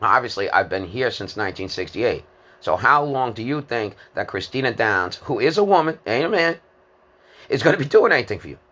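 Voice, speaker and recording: Rambling, bright-voiced man in his fifties. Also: medium pitch, big pitch swings, brisk. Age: 50s. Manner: disjointed, hesitant, many fillers and repeated words. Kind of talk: rambling monologue.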